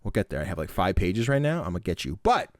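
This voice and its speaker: Animated young man hosting a podcast. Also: low voice, fast, no room sound, studio quality. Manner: animated, joking, swears casually. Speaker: podcast host. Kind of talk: casual podcast chat.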